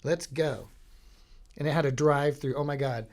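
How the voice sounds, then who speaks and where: A man's voice: fairly high pitch, fairly even intonation, fast. A man from Florida hosting a podcast, telling rambling, jokey stories in a casual comedic monologue. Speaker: podcast host.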